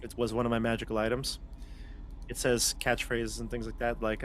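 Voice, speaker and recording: Male player, mid-pitched voice, playful asides, faint background noise. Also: completely flat delivery, brisk, a bit bright. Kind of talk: casual tabletop play.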